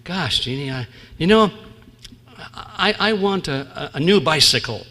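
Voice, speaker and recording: A man voicing an excited little boy in a joke, eager and stammering. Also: a little high, measured pace, voice pushed up, heavily acted. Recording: long reverb in theatre hall.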